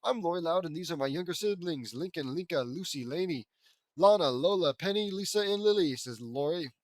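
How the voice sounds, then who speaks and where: A man's voice: on the high side, animated, brisk, no room sound. Sarcastic man reading fan fiction aloud. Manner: mocking, wry commentary between read lines; lifts voice for quoted characters.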